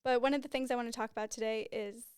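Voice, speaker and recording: A woman's voice: on the high side, fairly even intonation, racing, darkish tone, smooth, dry recording. A woman in her twenties hosting a casual solo podcast on a podcast microphone in a small studio, rambling and openly emotional. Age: 20s. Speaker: podcast host. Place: small studio room with a white backdrop.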